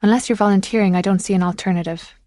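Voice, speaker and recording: A woman reading an audiobook, voicing a determined woman officer who coaxes a lost girl gently. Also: mid-range voice, fairly even intonation, rapid-fire, no echo, studio quality, natural voice. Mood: urgent. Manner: urgent but gentle, coaxing.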